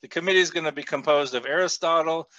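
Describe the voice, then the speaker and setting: A man hosting a casual podcast, profane and animated, who laughs often and acts out the people he quotes. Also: a little high, fast talker, no echo, lo-fi sound. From a big US city. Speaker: podcast host.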